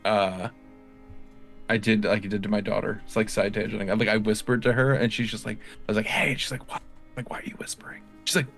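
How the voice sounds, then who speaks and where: A man's voice: fairly low pitch, little pitch movement, fairly quick, creaky, a bit bright, faint music behind. A man and father playing a tabletop game, chatting in a rambling, laughing way with side tangents. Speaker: player. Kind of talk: casual game chat.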